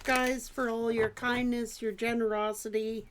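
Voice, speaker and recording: A woman doing a tarot reading, slowly reading out oracle cards, her voice a little worn as she is losing it. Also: fairly high pitch, noisy background. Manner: slow, gentle, pauses to read card texts. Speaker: tarot reader.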